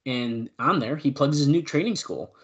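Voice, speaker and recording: A man's voice: medium pitch, expressive. Man reading wrestling news with asides. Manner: reads out news notes with quick asides. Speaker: podcast co-host. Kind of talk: casual podcast chat.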